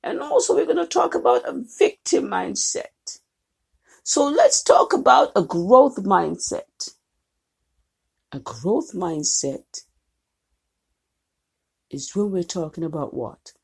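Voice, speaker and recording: A woman's voice: medium pitch, very animated, slow pace, creaky, pauses often, darkish tone, slightly rough. A woman college instructor giving a recorded lecture, emphatic and posing questions to the class.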